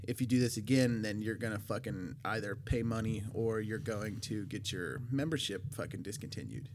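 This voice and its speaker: Young male podcast co-host, loose and profane, with faint background noise. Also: mid-range voice. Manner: laughs often, storytelling with profanity. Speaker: podcast co-host, band member. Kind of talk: casual chat.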